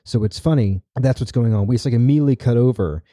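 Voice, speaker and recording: A man's voice: mid-range voice, quick pace, warm tone, dry recording, clean studio sound. A man hosting a podcast, retelling a story in casual chat with many "right?" asides. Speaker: podcast host.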